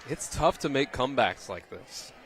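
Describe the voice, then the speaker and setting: A man giving relaxed, thoughtful color commentary on a volleyball match. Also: medium pitch, moderate pace, a little hiss or hum. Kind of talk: sports analysis.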